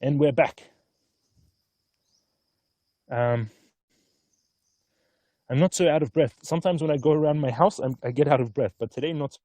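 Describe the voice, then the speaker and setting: A man chatting casually on a live stream from an outdoor hilltop, easygoing and often excited. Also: fairly high pitch, moderate pace, long pauses, no echo. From Australia. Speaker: stock market vlogger.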